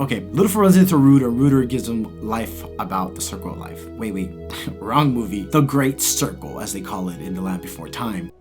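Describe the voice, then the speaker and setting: Male vlog host, 30s, middle voice, lively recap style with restarts, faint music bed. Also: mid-range voice. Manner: expressive, animated storytelling with restarts. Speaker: YouTube host. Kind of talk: casual movie commentary.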